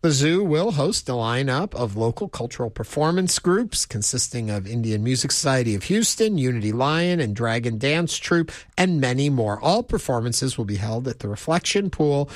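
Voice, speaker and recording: A man's voice: mid-range voice, animated, normal speed, hardly any pauses, dry recording, clean studio sound. A man hosting a radio talk show, chatting casually and reading listener comments aloud. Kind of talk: casual on-air chat with listeners.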